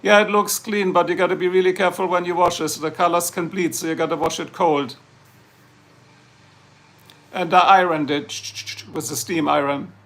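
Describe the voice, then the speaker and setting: A man from Germany with a German accent hosts a relaxed livestream, responding to viewer comments with rambling jokes. His voice sits high and sounds fairly bright, with vocal fry, fairly even intonation, and a normal speed.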